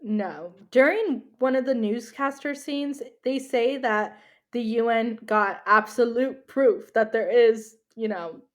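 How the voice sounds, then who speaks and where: A woman's voice: a little high, slow pace, few pauses. A woman from the United States co-hosting a podcast in casual chat, talking freely with lots of "like" and frequent laughter. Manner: chatty, laughs often, uses "like" a lot. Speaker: podcast co-host.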